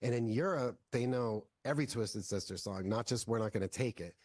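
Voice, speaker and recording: A filmmaker guest in a casual interview, telling long stories with lots of "like" fillers. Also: male voice, mid-range voice, brisk, a little mellow, no room sound, studio quality. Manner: rambling, heavy use of "like" fillers.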